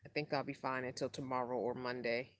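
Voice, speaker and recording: On a casual live stream, a middle-aged van-life vlogger speaks in a very deep, flat voice and talks fast, with no echo. Short on sleep and tired, she rambles in a laid-back way and reads viewer comments aloud.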